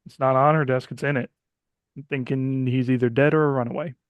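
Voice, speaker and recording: A man's voice: medium pitch, fairly even intonation, fairly quick, clean tone, no room sound, highs cut off, lightly acted. A man voicing a guarded young man in his early twenties, stammering and apologetic. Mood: earnest.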